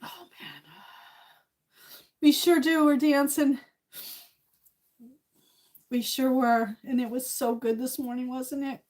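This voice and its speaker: Woman, 60s, live streamer; tearful, emotional, halting delivery full of fillers. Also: sits high, steady tone, a little mellow. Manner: emotional, tearful and laughing by turns, many fillers. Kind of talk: casual live stream chat.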